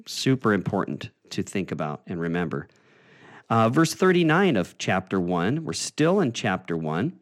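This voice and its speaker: A very animated man whose voice sits low teaches a Bible study in a conversational, explanatory style. He keeps pausing on "uh" and restarting what he was saying.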